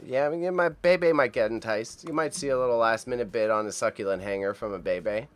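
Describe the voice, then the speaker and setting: Medium in pitch and brisk in delivery, this male livestream host keeps things chatty and upbeat. He talks to people in the chat while reacting to auction items, fumbling over hard words as he reads the names out loud.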